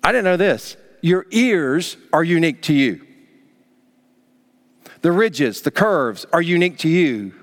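A male pastor delivers a sermon in a lively, swooping voice pitched a little above the usual for men. He leans hard on key words and acts out scolding parents. His voice carries a long reverb, as if in a large sanctuary hall. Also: a little slow, pauses often. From Southern United States. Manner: animated, emphatic, acts out parents scolding children.

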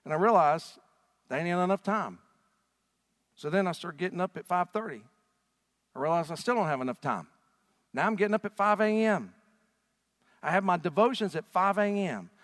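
A man's voice: high-pitched, animated, moderate pace, pauses often. Man preaching in a big hall. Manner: dynamic preaching, swings from hushed to shouting call-and-response. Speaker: pastor. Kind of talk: sermon.

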